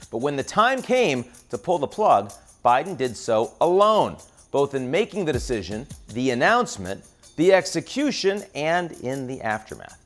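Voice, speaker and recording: A middle-aged man hosting a show, delivering a scripted commentary monologue in a wry, sardonic, emphatic way. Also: medium pitch. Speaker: host.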